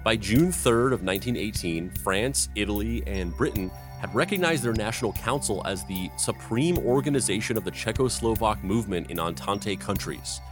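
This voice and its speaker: A man hosting a history podcast, narrating events and slipping into deadpan absurd jokes. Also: lowish voice.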